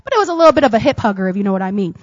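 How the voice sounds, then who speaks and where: A woman pastor, preaching a lively sermon with loud emphasis and soft asides. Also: medium pitch, racing, lo-fi sound. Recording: long hall reverb.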